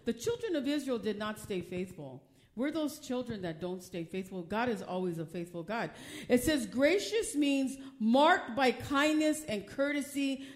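High-voiced woman preaching a sermon. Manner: emphatic, questioning the congregation. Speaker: pastor.

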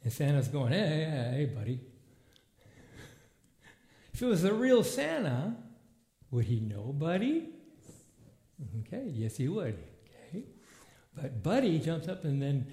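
A man preaches in a casual, chatty way, with a fairly high voice that swings widely in pitch. He acts out scenes in other voices. The sound bounces around an echoey church hall. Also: wildly swooping pitch, unhurried, pauses often, mellow. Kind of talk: informal Bible teaching. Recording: echoey room.

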